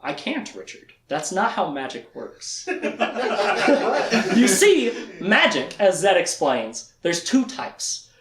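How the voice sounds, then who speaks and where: Animated man in an echoey room. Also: high-pitched, a loud crowd. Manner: animated, acts out characters' lines in quick quoted voices. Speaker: podcast host. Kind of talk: casual book recap.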